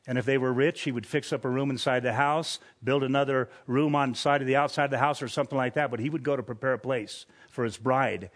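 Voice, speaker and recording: Guy preaching a sermon, earnest, gets emphatic on the big points, normal pitch. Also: steady tone, fast, few pauses. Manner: earnest, emphatic, lifts his voice on key points. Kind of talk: expository sermon.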